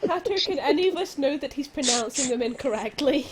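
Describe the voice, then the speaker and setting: A woman playing a tabletop game, chatting casually, excitable and swearing freely. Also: sits high, fairly quick, a crowd in the background. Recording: noisy home stream audio.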